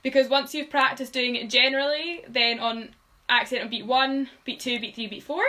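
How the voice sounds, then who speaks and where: A woman's voice: sits high, steady tone, moderate pace, sharp tone, low-quality recording. Patient woman teaching drum rudiments. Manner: patient, counts beats aloud, frequent ums. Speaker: drum tutor. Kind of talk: live-streamed drumming lesson.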